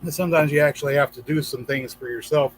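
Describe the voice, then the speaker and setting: A man with a fairly high voice talks at a quick pace on his casual gardening livestream, reading viewer comments aloud, chatting, and joking in a few acted-out voices. The recording is rough, with a bit of hiss or hum.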